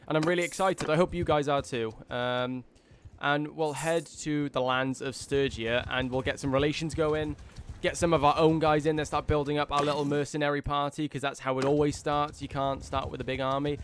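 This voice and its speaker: A man giving casual let's-play commentary as he plays, rambling with lots of fillers and breaking into excitement. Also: a little high, moderate pace, slight background noise. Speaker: gaming video host.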